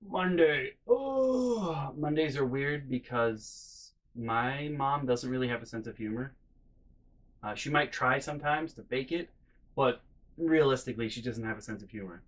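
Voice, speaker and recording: Young guy vlogging about his family, swears a lot, animated and fed up. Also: medium pitch, measured pace, poor audio. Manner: animated, profane, exasperated storytelling. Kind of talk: casual storytelling vlog.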